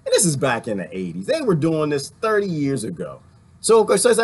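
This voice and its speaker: A middle-aged political commentary host does casual live-stream commentary, laughing often and mocking others by putting on voices. His voice is a little high and husky, with huge pitch swings and a brisk pace.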